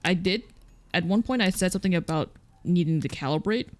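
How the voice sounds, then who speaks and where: A let's play streamer giving casual, rambling commentary while playing a painting game. They talk in a low-energy, mumbling way and fill their talk with "like". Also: a little fast.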